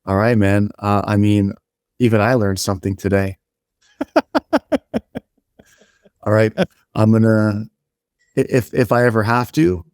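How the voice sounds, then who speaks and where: A man's voice: fairly low pitch, darkish tone, smooth, no echo, studio quality. A man co-hosting a podcast, reacting with laid-back, jokey banter. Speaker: podcast co-host. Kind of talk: casual chat.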